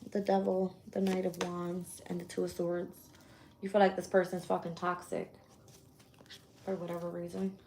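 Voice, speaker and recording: A woman with a fairly low voice talks through a tarot reading in a loose, unscripted way. She is blunt and swears freely, thinking aloud as she names each card she turns. Cards shuffle and click softly behind her over a faint hiss. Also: completely flat delivery, moderate pace. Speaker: tarot reader. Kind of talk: casual live-stream tarot reading.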